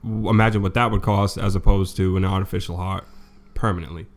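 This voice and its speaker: A man, a guest on a podcast, joking in a dry, deadpan way in casual chat. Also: sits low, fast.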